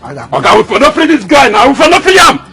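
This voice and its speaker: A man's voice: very high-pitched, wildly swooping pitch, quick pace, over music, heavily acted. A man with a Nigerian Pidgin accent acting in a film, playing an agitated henchman. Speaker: gang member.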